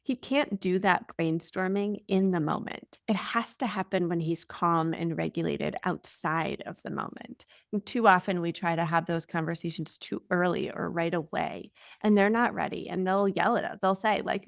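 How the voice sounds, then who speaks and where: A young adult woman answering interview questions as a parenting guest, explaining in a casual, warm way with many filler words. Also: fairly low pitch, normal speed, vocal fry, no room sound, studio quality.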